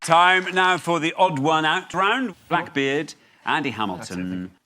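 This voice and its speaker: A man hosting a comedy quiz, briskly reading out scripted jokes. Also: a little high, animated, crowd noise, noisy background. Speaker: quiz show host.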